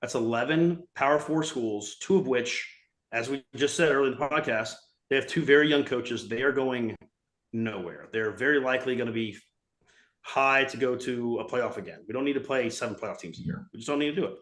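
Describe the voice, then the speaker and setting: A man's voice: mid-range voice, a little fast. A man co-hosting a sports podcast, ranting and cursing in casual chat. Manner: profane, animated ranting. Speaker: podcast co-host. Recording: roomy echo.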